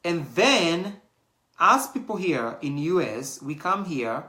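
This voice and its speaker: A middle-aged man with a Kenyan accent rambles cheerfully through a casual host's monologue, dropping Swahili phrases along the way. His voice sits a touch high and sounds bright and forward. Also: big pitch swings, slow pace. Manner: chatty, digressive, mixes in Swahili phrases. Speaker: show host.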